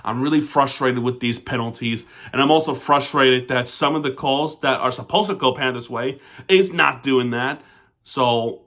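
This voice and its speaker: A man with a mid-range, slightly bright voice reviews a hockey game as a loyal fan who calls the team "we" and "our." He chats loosely about the plays, and his complaints about the officials erupt into angry swearing.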